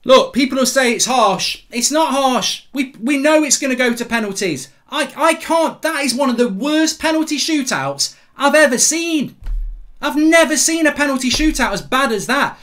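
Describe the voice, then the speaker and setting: Football host, middle-aged, ranting reaction, bright forceful tone. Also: male voice, very high-pitched, expressive, moderate pace. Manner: swearing, ranting, repeats himself. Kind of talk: live reaction commentary.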